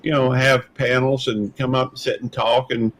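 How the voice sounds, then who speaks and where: A man's voice: mid-range voice, level tone, normal speed, a bit bright, rough recording. Hesitant rambling man hosting a stream. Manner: rambling, hesitant, many fillers and restarts. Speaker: channel host. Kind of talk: casual live-stream panel chat.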